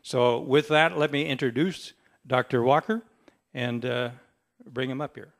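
A man hosting an event, introducing the guest speaker in a relaxed way with frequent fillers. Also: medium pitch, unhurried. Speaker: event host.

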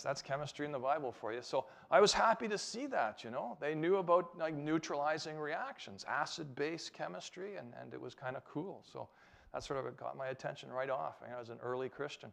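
Man, thirties, gravelly mid-pitched voice, animated lecturer who throws out rhetorical questions. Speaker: chemist giving a church talk. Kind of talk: lively public talk to an audience.

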